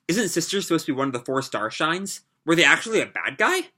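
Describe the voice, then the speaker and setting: A man's voice: a little high, big pitch swings, fast talker, sharp tone, full character voice. A man reading the lines of a bold, self-assured young woman adventurer from a manga, in a raised questioning voice. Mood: wary.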